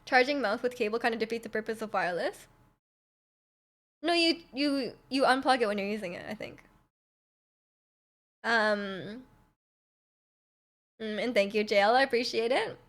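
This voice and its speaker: A woman's voice: fairly high pitch, moderate pace, long pauses, fairly bright tone. A young woman chatting casually with her livestream viewers, rambling loosely and answering their questions as they come in. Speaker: livestreamer reading chat.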